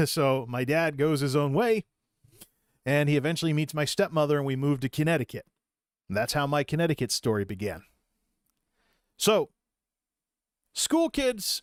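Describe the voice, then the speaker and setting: A man's voice: a little high, dry recording, clean studio sound. Rambling, self-deprecating man telling stories. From Massachusetts. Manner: rambling, self-deprecating, with frequent restarts and chuckles. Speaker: vlogger. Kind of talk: personal storytelling monologue.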